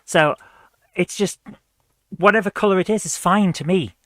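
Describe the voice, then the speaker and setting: A woman's voice: on the low side, moderate pace, a bit bright, dry recording. A woman hosting a live retro gaming stream, reading viewer comments aloud in a chatty, upbeat way and laughing easily.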